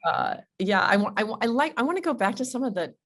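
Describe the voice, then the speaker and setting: A woman's voice: on the high side, big pitch swings, quick pace, a bit bright. A woman interviewing an author at a book talk, speaking in a reflective, personal way and laughing easily.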